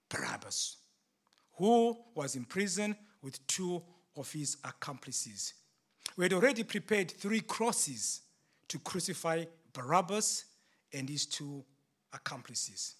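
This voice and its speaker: A preacher voicing Pilate in a first-person sermon monologue, theatrical and rising to loud indignant outbursts. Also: male voice, a little high, lively intonation, measured pace, slightly rough, exaggerated voice. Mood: recounting. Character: Roman governor Pilate, a frustrated, defensive man. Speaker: preacher in character.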